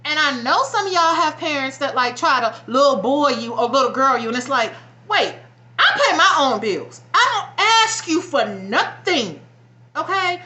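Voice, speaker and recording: A woman's voice: high-pitched, very animated, moderate pace, pushed and bright, slight background noise. A young woman venting bluntly and with a lot of swearing in a personal vlog, close to tears and frustrated. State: near tears. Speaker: vlogger. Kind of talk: emotional personal vlog rant.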